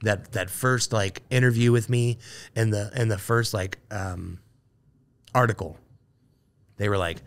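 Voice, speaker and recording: A man, an Army veteran, telling a story as a podcast guest with animated, filler-heavy talk. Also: on the low side, a little slow, long pauses. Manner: animated, full of fillers like "like" and "you know". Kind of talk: casual storytelling interview.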